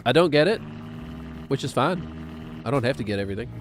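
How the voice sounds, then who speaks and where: Joking guy streaming a game, lively up and down voice, faint music behind. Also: low voice, gravelly. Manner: rambling, joking, offhand. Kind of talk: gaming stream commentary.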